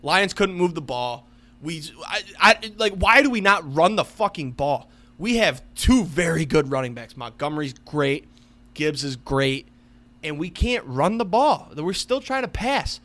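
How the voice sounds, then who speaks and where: A man's voice: a little high, lively intonation, measured pace, a bit bright. A young man co-hosting a casual sports podcast, ranting heatedly with lots of swearing. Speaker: podcast co-host.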